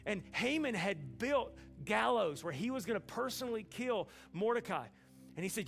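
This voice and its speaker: Brief: preacher, folksy and funny, fry-heavy voice, faint music underneath. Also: male voice, high voice, expressive, a little fast, fairly bright tone. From Alabama. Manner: folksy, humorous storytelling with acted-out dialogue. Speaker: pastor. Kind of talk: sermon.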